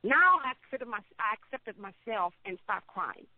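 A woman telling her own story as an interview guest, halting and often repeating words as she speaks. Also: a little high, very animated, no room sound. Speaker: interview guest, cancer survivor. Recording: tinny phone-like line, dry.

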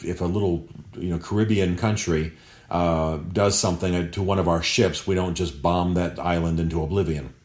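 A man giving earnest, measured spoken commentary, with many fillers and restarts. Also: sits low, a little mellow, roomy sound.

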